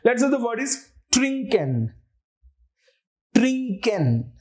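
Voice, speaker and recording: A man's voice: high voice, sing-song, a little slow. A man with an Indian English accent, teaching an online language lecture and patiently spelling words out letter by letter.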